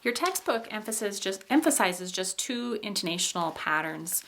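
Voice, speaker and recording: A woman's voice: mid-range voice, lively intonation, normal speed, vocal fry, fairly bright tone, a little hiss or hum. A woman teaching a recorded phonetics lesson, explaining in a patient way with frequent fillers and acting out example sentences. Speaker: instructor.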